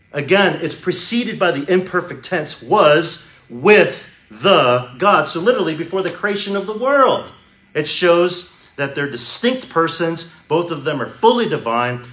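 A man preaching in a church hall, his bright, forceful voice ringing off the walls. He teaches with emphasis, drawing out the words that matter, and his voice sits a little high for a man. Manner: emphatic teaching, slows to stress key words. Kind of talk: sermon.

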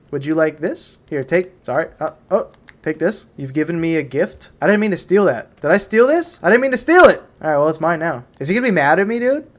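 An excitable young man gives live commentary on his game, chatting to the creatures on screen and reading out messages from chat. His voice sits a little high and swings widely in pitch. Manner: excitable, talks to the game creatures, yelps when startled. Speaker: streamer.

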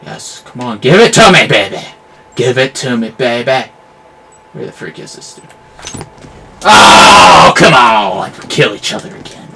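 A man giving live commentary over his own gameplay, excitable and yelling at the game, with clean substitute swears. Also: mid-range voice, a little slow, vocal fry, a little hiss or hum. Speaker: gamer.

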